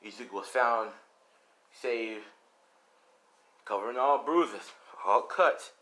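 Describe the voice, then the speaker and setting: A man's voice: medium pitch, slow, pushed and bright. A man casually retelling a fan story, rambling and swearing as he goes. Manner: rambling, profane, laid-back. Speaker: storyteller youtuber.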